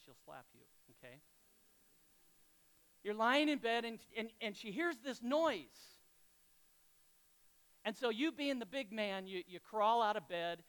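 A man's voice: high-pitched, fairly bright tone, smooth, poor audio. A man preaching a sermon to a congregation, talking in a conversational, storytelling way and asking them questions. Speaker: pastor.

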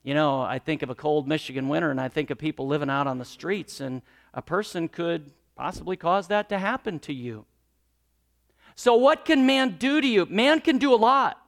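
A high-voiced man preaches a sermon. He presses his points with loud, emphatic lines, then drops into quiet, low asides. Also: moderate pace. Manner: emphatic, rising and dropping between loud exclamations and hushed asides. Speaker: pastor.

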